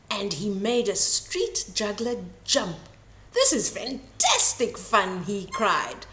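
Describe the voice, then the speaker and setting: An older woman reading a bedtime story aloud for children, slow and expressive. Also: medium pitch. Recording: roomy echo.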